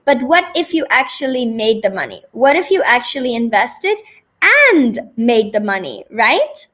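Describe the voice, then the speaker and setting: A woman coach interviews a client on a video call in an upbeat, motivational way. Her voice sits slightly high. She often circles back and repeats her points for emphasis. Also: animated, moderate pace, a bit bright. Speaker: business coach and host. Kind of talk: casual interview.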